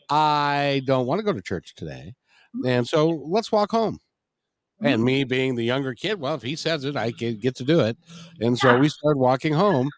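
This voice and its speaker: A man's voice: on the high side, no echo, studio quality. Rambling older man telling a story. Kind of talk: casual conversation, storytelling.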